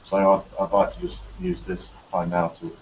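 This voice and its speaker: A man with a low voice speaks hesitantly in a casual group chat, pausing often. He sounds far from the mic. Faint noise runs under a dull recording. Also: sing-song. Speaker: panel guest. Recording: distant, muffled with faint noise.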